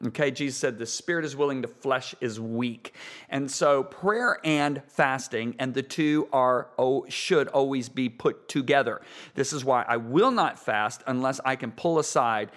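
A man co-hosting a faith-based talk show, explaining spiritual ideas with earnest emphasis. He talks in a preaching style and repeats key words to drive them home. His pitch sits in the ordinary middle range for a man. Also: a little slow, fairly bright tone. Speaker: Christian talk show co-host.

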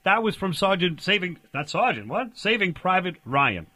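A man's voice: sits high, big pitch swings, moderate pace, pushed and bright, no room sound. A man hosting a comedic talk radio show, rambling and pushy with his guest. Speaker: radio host.

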